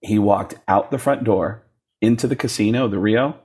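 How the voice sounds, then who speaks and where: A comedian being interviewed, telling stories in a casual, animated way. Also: male voice, on the low side, normal speed, slightly rough. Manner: animated storyteller, jumps into voices when quoting people. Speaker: comedian guest.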